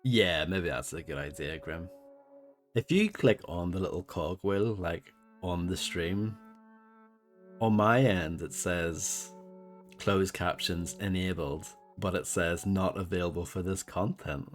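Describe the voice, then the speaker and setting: Low-voiced man streaming a game. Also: takes it slowly, soft background music. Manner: rambling, self-deprecating, chats with viewers. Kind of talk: casual live gameplay chat.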